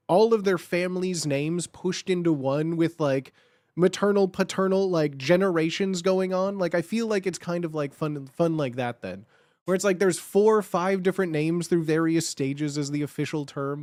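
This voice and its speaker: High-voiced rambling male streamer. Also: a little mellow, no room sound, clean studio sound. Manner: rambling, full of "like" and restarts; playful and jokey. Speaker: livestream host. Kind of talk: casual livestream chat with viewers.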